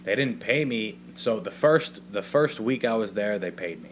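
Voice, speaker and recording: A young man talks alone into a mic in a home basement, telling a rambling, profane story and tagging his points with "right?". His voice sits very low and easygoing. A faint hum runs underneath. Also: moderate pace. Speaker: podcast host. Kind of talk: solo comedic podcast monologue.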